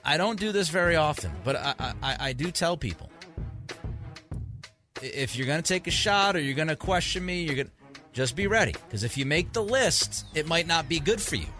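A man's voice: a little high, expressive, fairly quick, bright, forceful tone, faint music behind. A man hosting a sports talk radio show, emphatic and grumpy from too little sleep, often restarting his sentences. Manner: emphatic, repeats himself in restarts.

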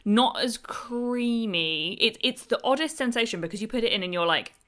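Bright, lively-voiced woman chatting eagerly. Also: on the high side, moderate pace. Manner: enthusiastic, chatty, laughs often. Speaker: podcast guest. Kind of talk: casual chat.

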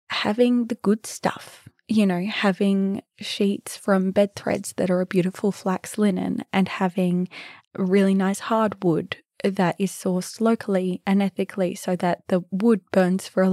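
A young woman hosting a podcast, telling stories in a chatty, animated way and sometimes dropping to a whisper. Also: fairly low pitch, dry recording, studio quality. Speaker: podcast host and B&B owner. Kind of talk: casual storytelling.

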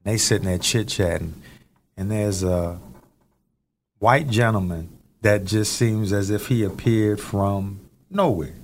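A man's voice: on the low side, measured pace, a little hiss or hum. A man telling a personal story in casual chat, hesitant and searching for his words.

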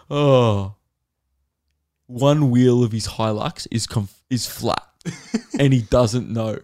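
An Australian man hosting a podcast, chatting casually and telling rambling stories with laughs and quick mimicry. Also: mid-range voice, darkish tone. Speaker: podcast host and comedian. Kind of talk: casual chat.

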